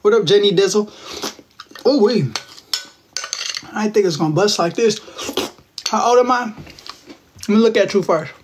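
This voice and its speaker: A young man from Texas with a high voice chats loosely into his phone at home, reading out viewer comments and firing back teasing, slangy replies. A faint hiss and clatter hang under his voice. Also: normal speed, pauses often. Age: 20s. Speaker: livestream host. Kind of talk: casual livestream chat reading viewer comments.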